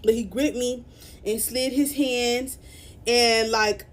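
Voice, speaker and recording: Young woman, upset and near tears, slightly high pitch, casual to-camera storytime. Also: fairly even intonation, slow, a little hiss or hum. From Dallas, Texas. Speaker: vlogger telling a story.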